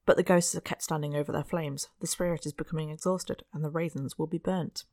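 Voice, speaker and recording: Dry, measured audiobook narrator. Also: mid-range voice, steady tone, a little mellow, no room sound. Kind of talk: scripted narration of a Victorian novel.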